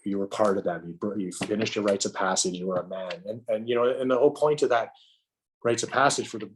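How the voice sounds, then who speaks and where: A middle-aged man with a fairly low voice recounts a personal experience on a podcast. He talks haltingly, doubling back on words and leaning on fillers as he works through the story. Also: slight background noise. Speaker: podcast guest.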